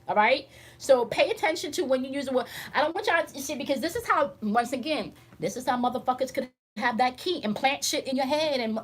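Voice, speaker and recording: Husky-voiced woman teaching spirituality, emphatic. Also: on the high side. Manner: emphatic and profane, constantly checking in with "right?". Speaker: spiritual teacher and channel host. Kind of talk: casual spiritual teaching livestream.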